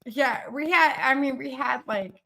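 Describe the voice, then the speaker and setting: A woman from the American South hosting a casual live-stream chat as a business coach, talking in an animated way with many fillers. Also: high voice, measured pace, vocal fry. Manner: chatty, animated, frequent fillers and laughs. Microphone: studio live-stream mic.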